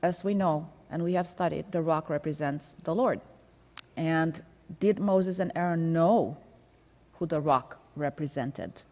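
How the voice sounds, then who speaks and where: A woman's voice: deep voice, measured pace, a little mellow, big-room sound. A woman leading a Sabbath School Bible study in a conversational way, reading scripture aloud and explaining it. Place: church.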